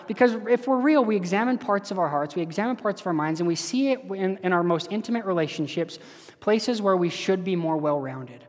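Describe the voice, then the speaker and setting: A man preaching an earnest, conversational sermon as pastor of a church. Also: on the high side. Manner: earnest, conversational with direct questions to listeners. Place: church hall. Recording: echoey hall.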